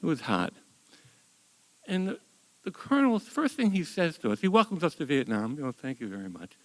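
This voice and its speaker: Older guy, 70s, tells stories on stage, lively up-and-down voice, slightly high, wry, keeps repeating words. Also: fairly quick, big-room sound, low-quality recording. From United States. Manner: animated, wry, with frequent word repeats. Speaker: storyteller. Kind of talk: live story slam storytelling. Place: stage at a live storytelling event.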